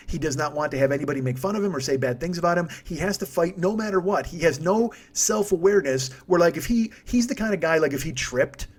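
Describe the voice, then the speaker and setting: A man with a husky voice on the high side hosts a comedy podcast from home. He delivers a comic rant monologue that is rambling, profane and self-mocking.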